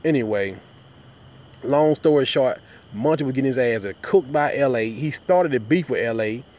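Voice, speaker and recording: Man, profane, rambling rant, stammered restarts, medium pitch. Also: expressive, moderate pace, darkish tone. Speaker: vlogger. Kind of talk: casual rant to viewers.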